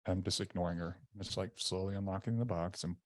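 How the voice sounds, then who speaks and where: Deep-voiced man telling his story. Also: steady tone, fast talker, no room sound, clean studio sound. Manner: earnest, conversational, recounting events in vivid detail. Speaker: podcast guest. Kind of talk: candid personal storytelling. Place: indoor room.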